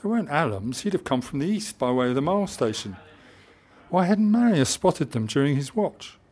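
A man reading a historical adventure novel aloud in measured audiobook narration. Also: a little high, big pitch swings, a little mellow.

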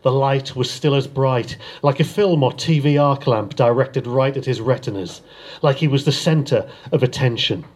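Reading aloud the start of his crime novel after some brief chat, this author speaks in a mid-range voice at normal speed. He narrates steadily before a live audience.

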